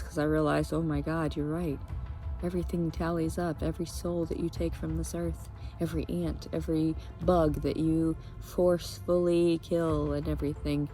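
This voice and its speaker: A young woman ranting to camera in a vlog, angry and profane, swinging between quiet brooding and loud outbursts. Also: low voice. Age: young adult. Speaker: vlogger. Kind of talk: emotional rant to camera.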